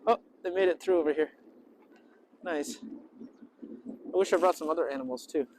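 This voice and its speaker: A man's voice: moderate pace, a little mellow, a little hiss or hum, low-quality recording. A man vlogging outdoors at a lakeside park. He chats casually and playfully and keeps greeting the birds in a raised voice, with faint honking of geese behind him. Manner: chatty and playful, often talks to the birds in a high voice. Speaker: vlogger and English teacher host. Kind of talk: casual outdoor vlog narration. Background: geese and ducks honking faintly.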